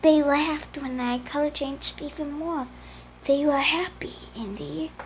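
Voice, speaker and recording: A woman voicing a hurt, weakened young dinosaur brother who speaks softly and faintly. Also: high-pitched, a little slow, slight background noise, voice pushed up. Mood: weak. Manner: soft, quiet and faint.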